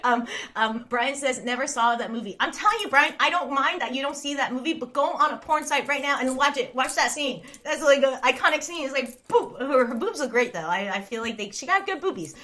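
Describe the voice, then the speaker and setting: A bright-voiced young Californian woman hosts a live stream, reading viewer comments aloud and riffing on them. She rambles, giggles and mocks herself, full of fillers and restarts, with a voice pitched a little high. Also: brisk. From Los Angeles, California. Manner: giggly, rambling, self-mocking, frequent fillers. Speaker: livestream host.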